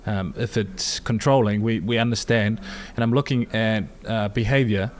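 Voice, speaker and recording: A male panelist on a casual podcast, making measured arguments with frequent restarts. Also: lowish voice, fairly even intonation, slight background noise. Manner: measured, builds arguments from data with many restarts.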